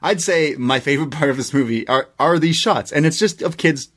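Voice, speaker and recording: A man's voice: fairly high pitch, fairly quick, fairly bright tone. A man co-hosting a casual movie review podcast, animatedly retelling the plot with casual swearing. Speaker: podcast co-host.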